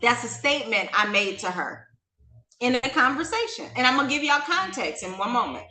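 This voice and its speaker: A woman hosting a talk show, telling a personal story to her audience in an animated, emphatic, conversational way. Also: fairly high pitch, a little fast, reverberant, soft background music.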